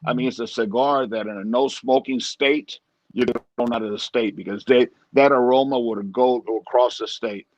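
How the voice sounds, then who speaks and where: A man's voice: mid-range voice, fairly even intonation, moderate pace, no room sound, poor audio. A man co-hosting a casual chat and reminiscing thoughtfully, often circling back to repeat his phrases. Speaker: co-host.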